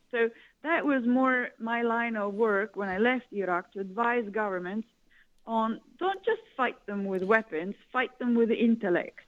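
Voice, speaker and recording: A woman from Italy, a guest advising governments, talking in a rambling way with many "you know" fillers. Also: fairly high pitch. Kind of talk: conversational interview. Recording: tinny phone-like line.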